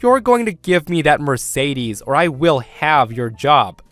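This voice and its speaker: A man's voice: a little high, very animated, measured pace, fairly bright tone, soft background music. A man voicing a rude, entitled businessman in a suit who demands and swears. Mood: shouting.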